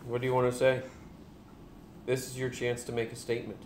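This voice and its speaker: A man's voice: medium pitch, monotone, fairly quick, darkish tone, slight background noise. A young man, a dad, joking casually with a live stream chat while talking to his baby.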